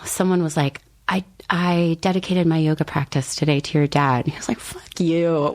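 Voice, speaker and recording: A woman author as a podcast guest, talking in a thoughtful, relaxed way, often laughing and hedging with fillers. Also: sits low, moderate pace. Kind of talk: casual conversation.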